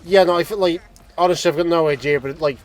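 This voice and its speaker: Sweary guy, fairly high voice. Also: fast talker. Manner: sweary, teasing, rambling. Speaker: co-host of a gaming stream. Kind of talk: casual let's-play commentary.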